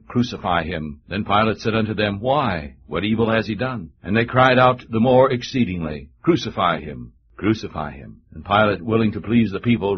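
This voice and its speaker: A man reading a long scripture passage aloud in a measured, solemn way for a church radio broadcast. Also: lowish voice, dull audio. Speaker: scripture reader.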